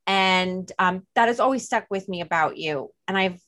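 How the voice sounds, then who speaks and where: A woman's voice: mid-range voice, normal speed, fairly bright tone. A woman with a New Jersey accent hosting a podcast, chatting casually with plenty of "like" and "you know". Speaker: podcast host. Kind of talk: casual chat.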